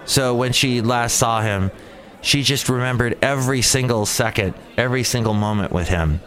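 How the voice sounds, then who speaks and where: A man's voice: mid-range voice, moderate pace, a bit bright. A man hosting a casual solo show, rambling and sarcastic as he jumps from topic to topic. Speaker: podcast host.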